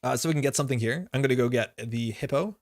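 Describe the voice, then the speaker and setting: A man commentates his own live card game at a quick pace, talking through each decision casually and leaning on fillers. The sound is close and echo-free, and his voice rests at a typical middle pitch.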